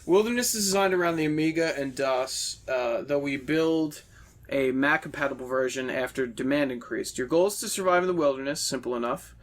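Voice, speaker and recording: A man reading a story aloud as a blunt male game designer who scorns a soft world, in a preachy, contemptuous way. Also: medium pitch, brisk, natural voice. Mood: preachy, scornful.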